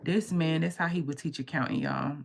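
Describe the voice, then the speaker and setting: A woman tarot reader chatting casually on a live stream, telling stories in an animated way and swearing freely. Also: low voice, brisk, vocal fry, background noise.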